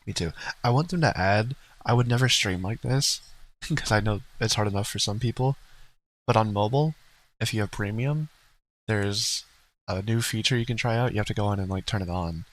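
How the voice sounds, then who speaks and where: A man's voice: fairly low pitch, normal speed, poor audio. A man co-hosting a livestream in casual, rambling chat, blunt and profane, laughing now and then. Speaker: streamer co-host.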